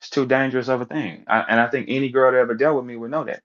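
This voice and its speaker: Man, blunt profane rant, mid-pitched voice, dull lo-fi sound. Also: fairly even intonation, rapid-fire. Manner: blunt, profane, emphatic, rhetorical questions. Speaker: commentator. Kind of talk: animated commentary rant.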